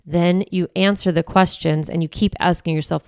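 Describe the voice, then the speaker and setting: Low, gravelly-voiced woman coaching. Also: fairly even intonation, fairly quick, few pauses, dry recording, studio quality. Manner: chatty and encouraging, peppered with "like" and "right". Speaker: parenting coach and podcast host. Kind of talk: casual podcast monologue.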